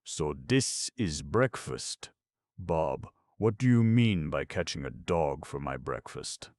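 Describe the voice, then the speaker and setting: A man reading as a timid, gentle male lion in a storybook, speaking slowly and mildly. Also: extremely low pitch, expressive, no room sound, studio quality, full character voice. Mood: puzzled.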